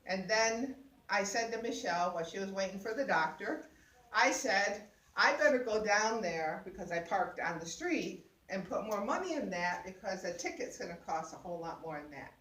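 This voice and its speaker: An older woman telling a lively personal story, laughing often and acting out what people said. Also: medium pitch, moderate pace. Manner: laughing, exclaiming, acts out voices. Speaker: guest sharing a personal story. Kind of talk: animated storytelling. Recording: roomy sound, mic at a distance.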